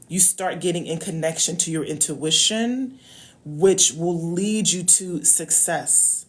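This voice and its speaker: A love coach with a voice on the low side talks at a measured pace, giving casual advice straight to camera. She's chatty, repeats key phrases, and often checks in with her viewers by asking "okay?"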